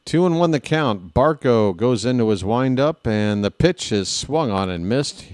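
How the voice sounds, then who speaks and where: A man calling live baseball play-by-play in a casual way, with jokey, rambling asides between pitches. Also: lively intonation, a little slow, darkish tone. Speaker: play-by-play announcer.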